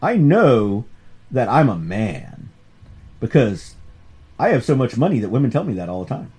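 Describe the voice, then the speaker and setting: A man's voice: mid-range voice, big pitch swings, moderate pace, darkish tone, slightly rough, soft background music, pitched below the performer's own voice. A man voicing a pompous rich old British lord in a put-on Indian accent. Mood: boastful. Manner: boastful, self-important.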